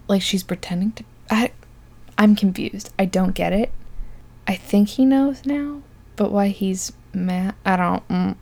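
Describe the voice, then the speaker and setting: A woman's voice: mid-range voice, normal speed, mellow. A young woman casually recapping a movie, chatty and sarcastic, full of likes, ums and asides.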